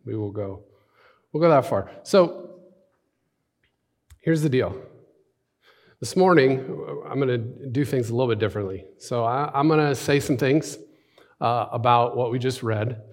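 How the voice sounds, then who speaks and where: A man preaching an informal sermon in a church, talking in a relaxed, conversational way with frequent fillers and restarts. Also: medium pitch. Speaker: pastor. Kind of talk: informal sermon with scripture reading. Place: church sanctuary.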